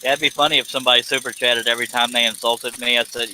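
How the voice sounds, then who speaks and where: A man's voice: medium pitch, steady tone, fairly quick, pauses often, bright, forceful tone, a little hiss or hum, poor audio. A man hosting a casual live stream, teasing his co-host and chuckling as he talks. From United States. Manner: joking, teasing, chuckles often.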